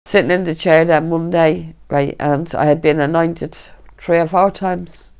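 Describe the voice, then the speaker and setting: A woman's voice: low voice, steady tone, a little slow, a little mellow, smooth. A middle-aged woman with a Dublin accent, giving a personal testimony in an interview and telling her story vividly, acting out the voices of others. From Dublin, Ireland. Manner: vivid storytelling, reenacting voices, frequent "right?". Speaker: interviewee, fire survivor.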